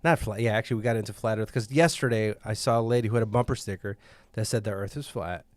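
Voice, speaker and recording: A man's voice: lowish voice, fast talker, no echo. Rambling male podcast host, dry sound. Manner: rambling, trails off and restarts. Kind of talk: casual chat. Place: comedy club.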